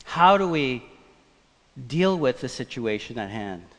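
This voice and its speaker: A man preaching a sermon, telling a personal story in a conversational, animated way. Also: medium pitch, measured pace. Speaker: pastor. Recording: long church reverb.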